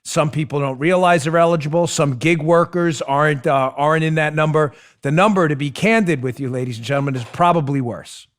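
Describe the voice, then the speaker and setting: A man hosting a political talk show, delivering an emphatic monologue straight to his listeners, dropping low and quiet and then building up loud. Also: a little fast, hardly any pauses. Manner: emphatic, swings between hushed and raised; addresses listeners directly.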